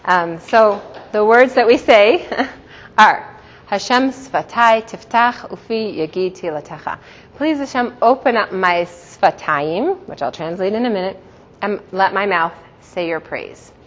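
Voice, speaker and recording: A woman's voice: medium pitch, animated, unhurried. Middle-aged woman teaching in an echoing hall. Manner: warm, storytelling, laughs often. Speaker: religious teacher. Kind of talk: talk to a group. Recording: dull sound in a reverberant hall.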